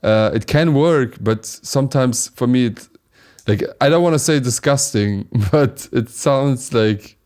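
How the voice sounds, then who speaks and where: A man with a German accent co-hosting a casual beatbox review chat, talking haltingly with many fillers and restarts. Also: medium pitch, a little mellow. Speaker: beatboxer co-host reviewing battles.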